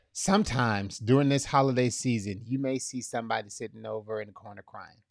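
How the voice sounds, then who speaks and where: A man preaching a sermon in a conversational way, acting out scripture dialogue, dropping soft for tender lines and rising for emphasis. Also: brisk, gravelly, few pauses, dry recording, studio quality. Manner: drops soft and low for tender lines, rises loud for emphasis. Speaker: pastor.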